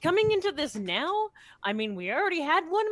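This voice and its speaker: A woman's voice: high voice, sing-song, brisk, a bit bright, no room sound. A woman who plays in a tabletop game, chatting casually and swearing freely. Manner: casual and profane. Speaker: game player. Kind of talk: casual podcast chat.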